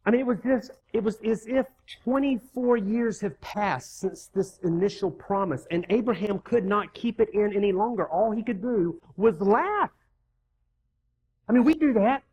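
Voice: medium pitch, normal speed, a little mellow. A preacher giving a sermon, emphatic and conversational, repeating key words for weight and reading scripture aloud. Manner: reads scripture aloud and acts out the characters' lines; conversational asides to the congregation.

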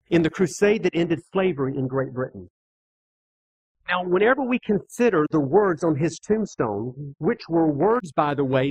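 Earnest preacher, slightly husky voice. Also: male voice, a little high, dry recording, rough recording. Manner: earnest, measured preaching with pauses for emphasis. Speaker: pastor. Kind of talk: sermon. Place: church sanctuary, on stage.

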